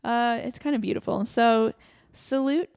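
A woman's voice: mid-range voice, normal speed. A woman co-hosting a comedy podcast, joking around in playful banter. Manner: animated, playful, slips into goofy put-on voices. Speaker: podcast co-host.

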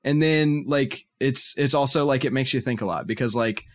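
A man's voice: mid-range voice, normal speed. A man co-hosting a podcast, describing things eagerly in casual chat with many "uh"s and "like"s. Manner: enthusiastic, filler-heavy storytelling. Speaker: podcast co-host.

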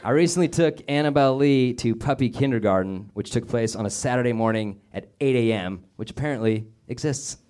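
A man's voice: medium pitch, fairly quick, few pauses, noisy background. A man doing a crude, self-deprecating stand-up set on a theater stage. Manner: crude, self-deprecating punchlines with acted-out voices. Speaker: stand-up comedian. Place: comedy theater stage before a laughing audience. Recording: live club recording, crowd laughter. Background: audience laughter.

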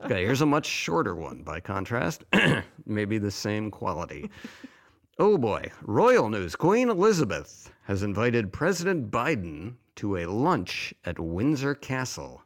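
A man's voice: lowish voice, big pitch swings, unhurried. A man co-hosting a chat show, reading his own monologue jokes and laughing at himself. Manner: self-deprecating, chuckling at own jokes. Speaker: podcast co-host.

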